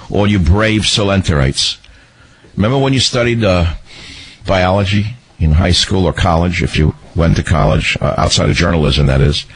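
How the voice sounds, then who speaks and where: Husky, mocking radio host man. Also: low-pitched, rough recording. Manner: mocking, sarcastic, scolding. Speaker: radio talk show host. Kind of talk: combative political talk radio monologue.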